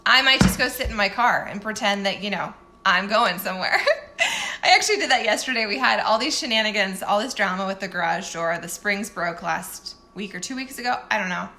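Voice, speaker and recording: A woman's voice: mid-range voice, lively intonation, fairly quick, bright, forceful tone. A woman chatting candidly in a casual morning vlog as a fitness coach, self-deprecating and often laughing.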